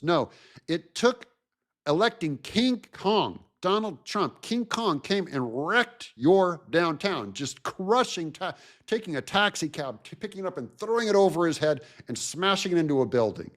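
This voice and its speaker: A man hosting a show, giving an animated, mocking political commentary rant. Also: high-pitched, unhurried. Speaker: host.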